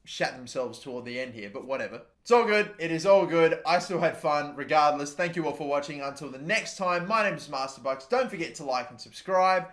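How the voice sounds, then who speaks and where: A young man, commentating his own football video game play, swearing often and shouting at his players. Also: a little high, animated, fairly quick, few pauses. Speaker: gaming YouTuber. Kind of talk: live gameplay commentary.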